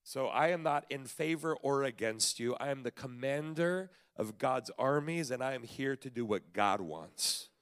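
A man voicing a stern male heavenly army commander, speaking low, hushed and measured. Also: expressive, smooth. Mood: solemn.

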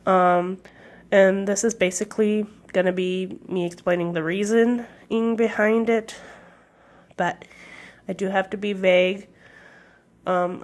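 A young woman talks alone on her podcast, taking her time over each thought. She hedges and fills pauses with ums while speaking candidly, in a mid-pitched voice. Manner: hesitant, many fillers, vague and candid. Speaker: podcast host. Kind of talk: casual solo podcast talk.

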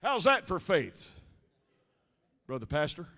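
A man preaching a sermon in church, moving from quiet storytelling to shouted climaxes. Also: fairly high pitch, wildly swooping pitch, takes it slowly. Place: church sanctuary during a service. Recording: reverberant church sanctuary.

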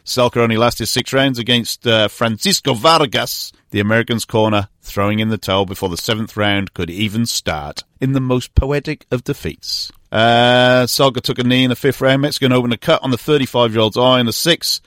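A man's voice: mid-range voice, fairly quick, few pauses, a bit bright, no echo, clean studio sound. A man hosting a radio show, reading odd sports news stories with wry, jokey asides.

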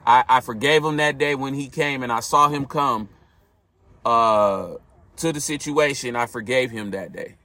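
A man's voice: mid-range voice, measured pace, pushed and bright, dry recording. A man hosting a podcast, telling a personal story in an earnest, reflective way and speaking directly to his listeners. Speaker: podcast host.

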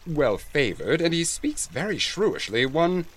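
An actor playing a pompous, fussy steward in Elizabethan stage style, mocking and haughty. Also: male voice, fairly high pitch, very animated, measured pace, fairly bright tone, exaggerated voice.

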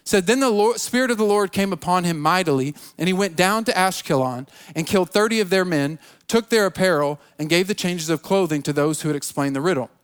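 High-voiced man preaching a lively sermon. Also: fairly quick, few pauses, smooth. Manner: animated storytelling, acting out biblical characters. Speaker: pastor.

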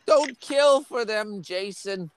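Man voicing a doting psycho mother, crooning falsetto, drawn out. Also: a little hiss or hum. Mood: cooing. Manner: slow cooing falsetto.

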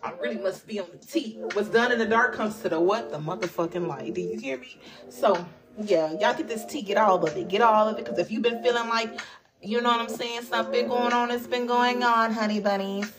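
Woman tarot reader, mid-pitched, loose and chatty, swears freely and repeats herself for emphasis. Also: a little fast, rough recording. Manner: chatty and profane, addresses listeners as "y'all" and "honey bunnies". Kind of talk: casual tarot reading monologue.

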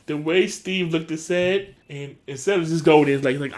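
A man's voice: normal speed, few pauses. A man, recapping a TV episode in casual chat and acting out the characters' lines with laughter. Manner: animated, acts out characters' lines with big pitch jumps and laughter. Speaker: podcast co-host recapping a TV episode.

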